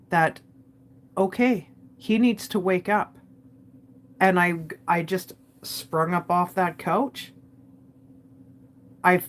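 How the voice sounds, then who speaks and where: A woman candidly retelling a family loss in a personal vlog, with frequent fillers and quoted dialogue. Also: fairly low pitch. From Canada. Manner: candid, emotional retelling with many "like"s. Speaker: vlogger. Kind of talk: personal storytelling.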